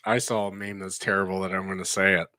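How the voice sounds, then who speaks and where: A man's voice: low voice, little pitch movement, fast talker, sharp tone, no room sound. A man co-hosting a podcast in casual chat, telling rambling stories with frequent chuckles. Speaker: podcast co-host.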